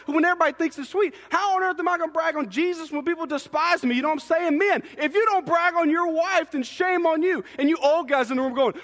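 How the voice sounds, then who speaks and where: A young man preaching in a church sanctuary, his fast, excitable, joking delivery carrying a long reverb tail. His voice sits high for a man and bursts with enthusiasm. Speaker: student ministry pastor. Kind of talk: energetic sermon.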